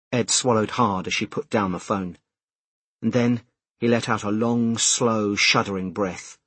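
A man narrating a novel in a calm, measured read with a husky, breathy grain. He speaks close to the mic in a dry, dead studio with no room sound. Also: lowish voice, no echo. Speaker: audiobook narrator. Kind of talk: scripted narration.

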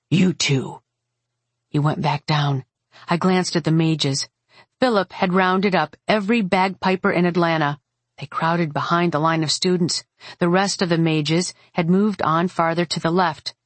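A woman narrating a first-person fantasy audiobook in a steady, wry manner. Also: on the low side, no room sound.

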